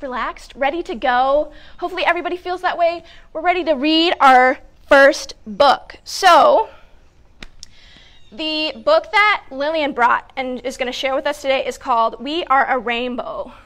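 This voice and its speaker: A woman's voice: high voice, normal speed, fairly bright tone. A woman hosting a children's story time as a family educator, giving upbeat, encouraging instructions and laughing often. She sits on a hard floor wearing a clip-on mic. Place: sitting on a hard floor indoors. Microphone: clip-on mic with wires.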